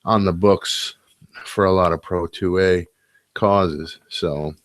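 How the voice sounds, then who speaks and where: A man's voice: sits low, fairly even intonation, slow, dry recording. A man co-hosting a casual late-night podcast, opinionated and crude, often restarting his sentences. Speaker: podcast co-host. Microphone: webcam setup.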